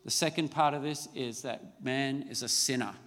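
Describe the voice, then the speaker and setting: A man's voice: mid-range voice, moderate pace, fairly bright tone, long reverb tail. A middle-aged man preaching a sermon as a pastor, conversational and storytelling, with self-mocking asides. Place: large church hall.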